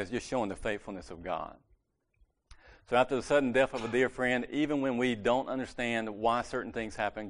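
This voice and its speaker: A man giving a casual, conversational sermon at a church meeting, correcting himself and joking lightly as he goes. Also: fairly low pitch.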